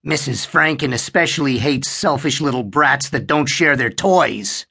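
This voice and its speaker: A man's voice: medium pitch, unhurried, creaky, pushed and bright, slightly rough, exaggerated voice. A man voicing a scheming young boy who taunts his little brother in a horror audiobook. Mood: taunting. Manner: sneering, taunting.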